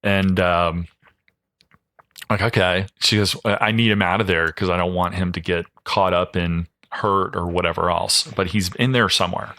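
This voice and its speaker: Man, low-set voice, forceful and bright, easygoing podcast guest spinning anecdotes with lots of "um" and "you know.". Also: fairly even intonation, normal speed, no room sound. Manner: rambling anecdotes full of fillers, acting out quoted voices. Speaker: guest, home cleanout business owner. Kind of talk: casual podcast storytelling.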